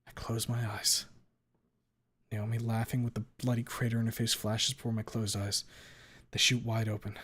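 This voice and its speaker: A man's voice: medium pitch, fairly even intonation, normal speed. A man reading a visual novel aloud in the first person, dramatic, cursing freely and sometimes stumbling over words.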